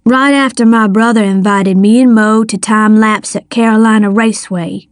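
A woman's voice: a little high, fairly even intonation, moderate pace, no echo, studio quality, natural voice. A woman voicing a timid young boy who stammers and pleads. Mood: nervous.

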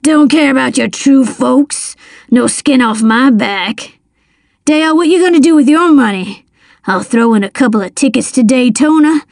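A woman's voice: high voice, expressive, normal speed, vocal fry, darkish tone, dry recording, clean studio sound. A woman voicing a cold, sly middle-aged male crook in an audiobook, bribing and snarling. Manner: sly, wheedling, then snarling.

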